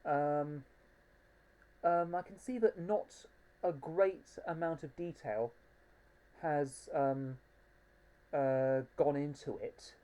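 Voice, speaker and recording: A woman's voice: sits low, takes it slowly, pauses often, mellow. A woman reviewing a plush toy in a casual home video, hesitant and fond, with frequent ums and restarts.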